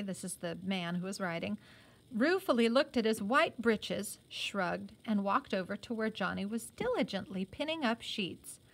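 A woman teacher reads a novel aloud and stops now and then to explain what is happening in plain words. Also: a little high.

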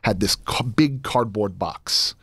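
A young man with a lowish voice rambles happily as a guest, tripping over his own words when excited. The sound is close and dry, with no room around it. His pace jumps between rushed and drawn out. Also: breathy edge, no echo. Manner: rambling, excitable, many restarts and fillers. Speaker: guest, audio drama creator. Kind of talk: casual chat.

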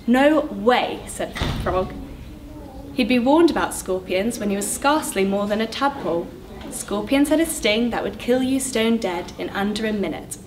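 A woman's voice: normal speed, recorded from a distance, noisy background. A woman on school staff reading a children's fable aloud, lifting her voice for the characters. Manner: voices characters with lively pitch jumps. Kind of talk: storybook read-aloud.

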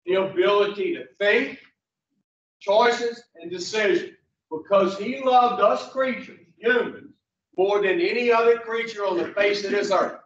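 Speaking to a room of rehab patients in a high-pitched voice, a man delivers a slow, blunt, preachy motivational talk, asking the group questions and swearing. The recording is lo-fi, echoey, distant and dull.

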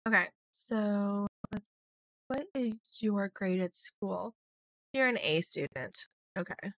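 Young female let's-play host, slightly hoarse, chatty and rambling, mid pitch. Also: lively intonation, takes it slowly, fairly bright tone, no room sound, studio quality. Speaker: gaming YouTuber.

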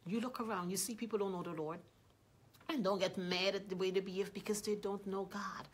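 A woman preaching a sermon earnestly, repeating key lines and voicing example prayers louder. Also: mid-range voice, fairly even intonation, brisk, husky. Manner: earnest, repetitive, rising loud when quoting prayers.

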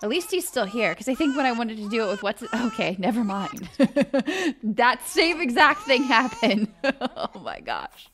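A woman's voice: on the high side, lively intonation, moderate pace, a bit bright, a little hiss or hum. A young woman hosting a casual let's-play, chatting animatedly with her viewers while she plays. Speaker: gaming channel host.

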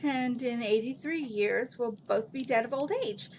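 A level-headed young princess from a storybook, calm and clever in her measured replies as a woman reads her aloud. The voice is bright and a little high. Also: a little hiss or hum, rough recording. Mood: suggesting.

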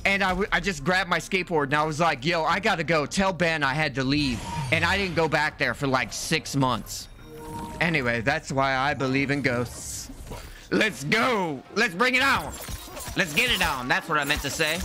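A man telling a rambling story while he plays, his voice sitting a bit high. He keeps filling gaps with "like" and "right" and swears freely. Loud game music plays behind him. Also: moderate pace. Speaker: streamer. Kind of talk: casual storytelling while gaming.

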